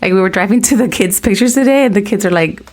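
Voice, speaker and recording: A woman's voice: medium pitch, fast, darkish tone. A woman co-hosting a podcast in casual chat, telling a family anecdote, quoting her kids and switching between English and Spanish. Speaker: podcast co-host.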